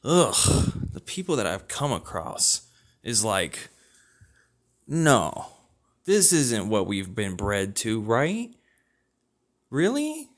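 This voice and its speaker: A man's voice: on the low side, big pitch swings, takes it slowly, long pauses. A young man delivering an exasperated, incredulous comedic rant full of rhetorical questions. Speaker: satirical ranter.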